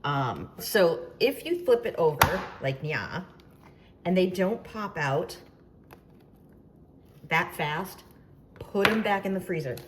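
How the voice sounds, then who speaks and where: A woman with a low-set voice hosts a casual baking tutorial, her pitch rising and falling in lively swoops. She chats through each step with playful, self-mocking asides. Faint background hum sits under the recording. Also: slow pace, pauses often. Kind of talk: casual demonstration.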